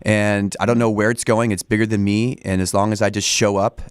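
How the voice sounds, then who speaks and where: A man in his forties with a very low voice talks in a loose, rambling way, full of fillers and restarts. He is recorded close on a dry studio mic with no room sound. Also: level tone, a little fast, smooth, no room sound. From Northern California. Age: 40s. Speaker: studio guest. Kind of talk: casual interview talk. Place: radio studio.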